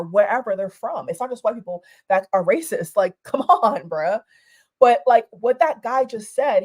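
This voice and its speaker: A woman from Europe vents in a casual vlog rant, her voice sitting a little high. She talks heatedly and stumbles over restarts, repeating words as she pushes her point, with the odd curse thrown in. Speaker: vlogger.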